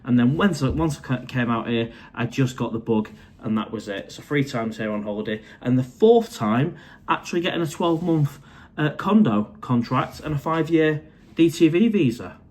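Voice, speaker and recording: A man's voice: medium pitch, expressive, normal speed, a little mellow. A man, casually chatting on a live stream from his condo, reading out viewer comments and calling everyone mate. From England.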